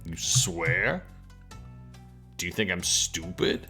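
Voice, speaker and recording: A man's voice: low-pitched, big pitch swings, slow, creaky, pushed and bright, soft background music, full character voice. A man voicing a fussy, doting mother cat who scolds her grown son. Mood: scolding.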